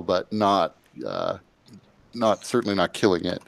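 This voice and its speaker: A man with a lowish voice runs a tabletop game, describing wolves and attacks in an easygoing, halting manner. His voice sits close and dry, with no room around it. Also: wildly swooping pitch, vocal fry, no room sound. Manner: casual, halting narration with fillers. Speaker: game master.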